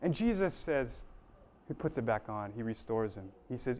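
A man's voice: mid-range voice, sing-song, normal speed, a little mellow. A man preaching a sermon in an earnest, building way, with fillers and restarts along the way.

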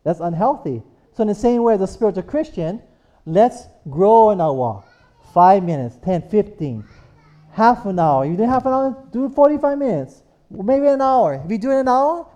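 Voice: medium pitch, sing-song, moderate pace, warm tone, highs cut off. A preacher delivering a sermon, repeating points and asking the congregation for amens. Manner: repetitive, rhetorical, calls for amens.

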